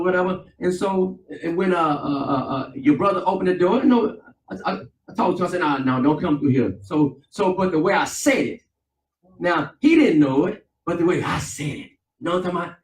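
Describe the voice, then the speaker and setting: A man, a pastor preaching a sermon with call and response. He swings between loud, emphatic lines and softer ones. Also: high-pitched, a little hiss or hum. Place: church sanctuary. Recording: echoey church, mic at a distance.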